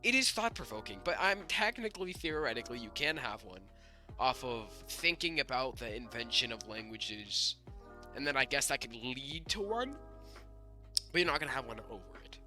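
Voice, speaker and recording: Young man with a bright, raspy voice. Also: mid-range voice, big pitch swings, normal speed, soft background music. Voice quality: slightly raspy, throat-clearing. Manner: rambling, lots of fillers and restarts, laughs often. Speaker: podcast co-host. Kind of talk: casual chat.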